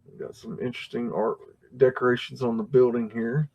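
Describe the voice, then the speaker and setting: The recording is muffled, and the man's medium-pitched, creaky voice moves briskly with a level tone. Hosting a livestream, he talks through old photographs in a rambling, relaxed way, stumbling over restarts and fillers and chuckling often.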